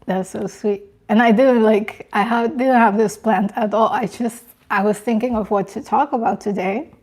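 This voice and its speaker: A young woman hosting a casual live stream, reading viewers' comments aloud and talking in a soft, emotional, halting way with many restarts. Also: fairly high pitch, fairly even intonation, breathy edge.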